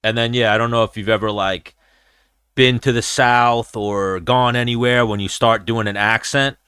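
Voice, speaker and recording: Brash profane young man, bright voice. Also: medium pitch, steady tone, normal speed, smooth, no room sound. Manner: profane, rambling storyteller who slips into impressions. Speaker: show host. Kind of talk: casual livestream chat.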